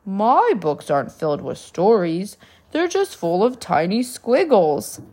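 A woman voicing a big, gentle giant in a storybook reading, with slow booming lines. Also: big pitch swings. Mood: giggly.

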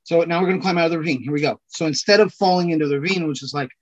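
A man with a Californian accent, talking casually as a podcast guest in an animated, rambling way with loud bursts. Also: a little high, racing. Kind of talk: casual conversation.

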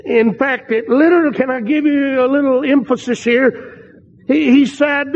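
Older guy preaching slow and fervent, really high voice, dull recording with long hall echo. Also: steady tone. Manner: fervent preaching, drawn-out emphatic phrases. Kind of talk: sermon. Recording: dull lo-fi sound in a large reverberant hall.

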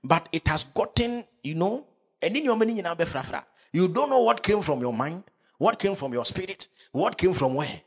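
A male pastor preaches with fervour. His voice sits fairly high and swings widely up and down, with a husky grain. He keeps calling out to his listeners for answers. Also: sing-song, moderate pace. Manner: fervent preaching with call and response to the congregation. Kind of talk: sermon.

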